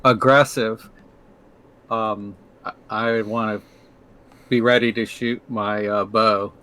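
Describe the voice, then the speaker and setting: A man's voice: lowish voice, little pitch movement, takes it slowly, sharp tone, low-quality recording. A man playing a tabletop game, speaking with eager, hesitant bursts. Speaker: player.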